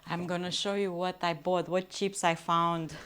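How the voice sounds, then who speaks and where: A woman's voice: on the low side, little pitch movement, moderate pace, fairly bright tone, clean tone. A woman livestreaming at home, out of breath after a workout and chatting casually with her viewers. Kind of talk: casual live stream chat. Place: home, moving into a kitchen.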